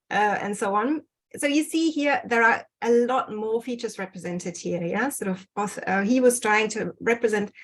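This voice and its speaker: A woman presenting research in an online lecture over a video call, pausing often with ums and correcting herself. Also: medium pitch. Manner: hesitant, many ums and self-corrections. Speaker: guest speaker presenting research.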